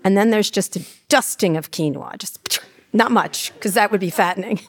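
A husky, medium-pitched woman's voice, moderately paced, belongs to a sixty-something memoirist being interviewed at a live event. She tells frank, profane, irreverent tales, doing impressions of the people involved.

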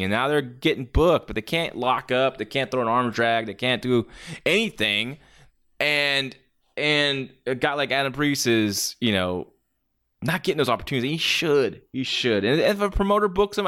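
A man's voice: medium pitch, fairly bright tone. A man giving a casual, blunt, opinionated spoken review, rambling with many fillers and restarts. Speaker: wrestling match reviewer.

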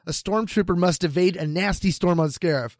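A middle-aged man co-hosting a casual podcast chat, an animated storyteller who gets enthusiastic and repeats words when excited. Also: sits high, brisk, dry recording, studio quality. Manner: animated storyteller who acts out quoted voices. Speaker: podcast co-host.

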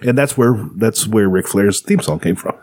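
A man's voice: lowish voice, animated, moderate pace, darkish tone. A man in a casual chat, blunt and crude, joking with friends.

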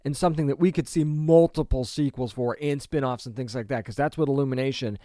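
A man's voice: mid-range voice, quick pace, mellow, no room sound. Chatty man giving an opinion, dry sound. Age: adult; grew up with a 1990s animated series, so 30s or 40s. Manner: conversational, emphatic, repeats words and restarts, rhetorical questions. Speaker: online movie commentator. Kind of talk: casual opinion commentary.

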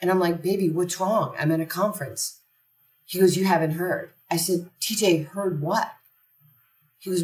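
A woman's voice: lowish voice, moderate pace. A woman, a podcast guest, telling a story conversationally and animatedly, acting out quoted dialogue. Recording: roomy echo from a distant mic.

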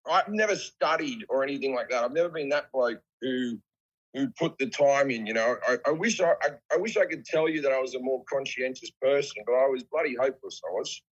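A man's voice: medium pitch, a little fast, slightly rough, lo-fi sound. A man in his forties with an Australian accent, a comedian guest chatting casually over a video call, laid-back and self-deprecating, swearing offhandedly. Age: 40s. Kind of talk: casual podcast chat.

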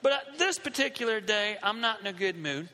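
A man preaching in a church hall, spinning a story and acting out every part with a lot of animation. His voice sits high and bright, swings widely in pitch, and trails a long echo through the room. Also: fairly quick, a little hiss or hum. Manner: animated, acts out scenes with shifting voices. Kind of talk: storytelling sermon.

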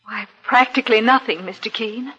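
An anxious, grateful wife. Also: female voice, fairly high pitch, moderate pace, pushed and bright, slightly rough, dull audio. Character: anxious, grateful married woman. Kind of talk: 1950s radio drama acting.

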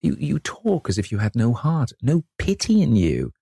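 A man's voice: wildly swooping pitch, normal speed, mellow, no echo, clean studio sound, heavily acted. A man reading as a pained older painter. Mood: pleading. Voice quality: low gravelly husky voice. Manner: strained, pleading, reproachful.

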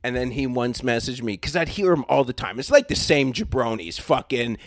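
A man chats as a podcast guest, spinning crude, swear-filled stories that wander and circle back. His voice sits at an ordinary middle pitch, and the sound is close and dry with no room around it. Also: sing-song, moderate pace, no room sound. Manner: crude, profane, rambling storytelling. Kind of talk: casual podcast chat.

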